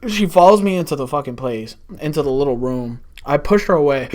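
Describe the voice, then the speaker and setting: Animated young man. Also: on the high side, fairly quick. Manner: animated, swears a lot, acts out quotes. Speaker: podcast guest. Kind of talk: casual storytelling.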